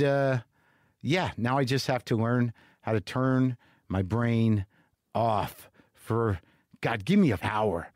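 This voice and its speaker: A man's voice: medium pitch, no room sound, clean studio sound. A middle-aged man hosting a podcast, telling a rambling, self-mocking comic story in a monologue. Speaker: podcast host. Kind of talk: comedic monologue.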